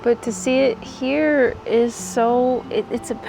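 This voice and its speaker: Woman vlogger, chatty and easily moved, speaks slowly, clear music bed behind. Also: on the high side, fairly even intonation. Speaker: gardening vlogger. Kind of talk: casual vlog chat.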